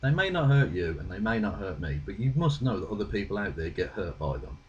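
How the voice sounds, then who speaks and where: A man's voice: on the low side, big pitch swings, brisk, highs cut off. A man with a British accent giving dry, sarcastic, profane rebuttals. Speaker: video creator responding. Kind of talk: rebuttal commentary.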